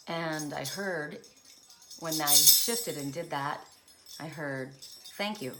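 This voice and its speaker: A woman's voice: low-pitched, steady tone, slow pace, over loud music. A woman giving a spiritual oracle card reading, musing aloud with coughs and asides, choked up at times.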